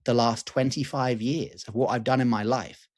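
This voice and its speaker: A man in his forties, a guest teacher, telling a personal story in an animated, candid way with casual swearing and fillers. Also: mid-range voice, moderate pace. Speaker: guest, lucid dreaming teacher.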